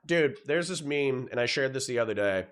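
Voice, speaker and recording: Man, middle-aged, livestream host, profane, animated rant, casual chat. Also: mid-range voice, fairly quick. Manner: profane, animated ranting with laughs.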